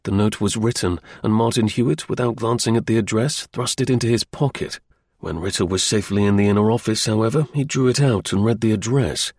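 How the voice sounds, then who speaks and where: Male narrator, steady reading, gravelly, dry close recording. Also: on the low side, a little fast, no room sound. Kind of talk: audiobook reading.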